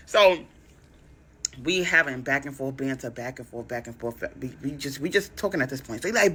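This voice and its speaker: A woman telling a dating story on a talk show, slangy and expressive, acting out both sides of each conversation. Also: low-pitched, fairly quick, husky. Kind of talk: animated story time.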